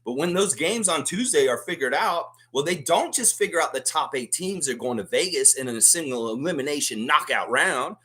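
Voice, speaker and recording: A man on his own fan sports stream delivers a profane, heated rant, his voice swinging wildly between low grumbles and sharp high jumps. He speaks a touch higher than most men, hammering every point with emphatic exasperation. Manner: excitable, emphatic. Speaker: host of a fan basketball show. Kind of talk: live sports preview rant.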